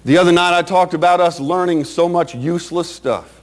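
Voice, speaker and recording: A man's voice: sits high, moderate pace. A man preaching a Baptist sermon with a fervent, rising and falling cadence.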